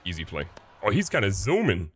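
A man's voice: low voice, huge pitch swings, a little fast, slight background noise. A young man giving casual, playful commentary while playing a baseball video game, boasting and mocking himself as he goes. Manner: playful, boastful, self-mocking trash talk. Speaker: gaming YouTuber.

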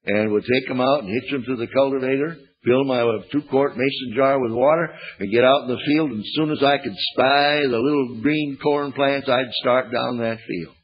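Older American preacher, folksy and plainspoken, slightly husky voice, lo-fi old sermon recording. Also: male voice, medium pitch, normal speed, few pauses. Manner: folksy storytelling, plainspoken humor. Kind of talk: sermon with storytelling. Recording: dull lo-fi archival sermon tape.

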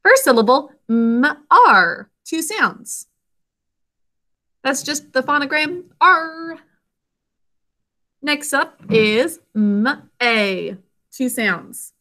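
A woman's voice: high-pitched, big pitch swings, drawn-out words, long pauses, bright, forceful tone. A woman teaching a spelling lesson to children, patiently sounding words out syllable by syllable over a video call.

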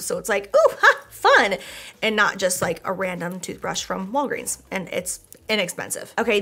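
A woman's voice: medium pitch, fairly bright tone. Young woman, beauty vlogger, chatty and effusive, casual product-review delivery. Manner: gushing, chatty, swears casually, lots of "like".

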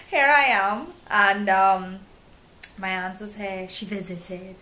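At home in her living room, a young woman vlogger chats casually to the camera, rambling with lots of ums and restarts in what she herself calls a pompous-sounding voice. Her voice is mid-range, slow and sharp in tone, in a roomy space with faint background noise.

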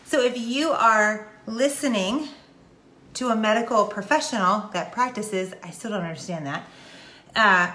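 A middle-aged woman with a Texan accent talking straight to camera in a casual, animated, preachy way. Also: medium pitch. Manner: animated, preachy, folksy with southern slang. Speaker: vlogger. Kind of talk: casual direct-to-camera talk. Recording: echoey room.

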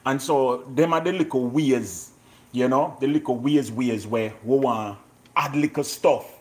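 A man's voice: mid-range voice, measured pace, a little mellow. Joking Jamaican man cooking live. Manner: joking, chatty, mixes in patois. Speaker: cooking show host. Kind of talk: casual live cooking chat. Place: home kitchen.

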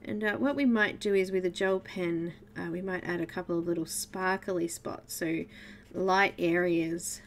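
Speaking at a measured pace in a lowish voice with fairly even intonation, an Australian woman runs a live colouring stream. She chats casually and giggles with her viewers as she colours, over a faint hiss or hum.

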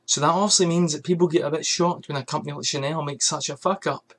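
A man's voice: fairly high pitch, steady tone, fast talker, a bit bright. A man ranting angrily on his vlog about a perfume brand, swearing often and firing off rhetorical questions. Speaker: fragrance reviewer.

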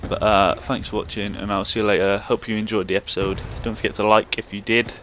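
A man giving casual commentary over his own gameplay, swearing and shouting at other players in excitable bursts. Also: on the low side, fast, a little hiss or hum. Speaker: gaming channel host.

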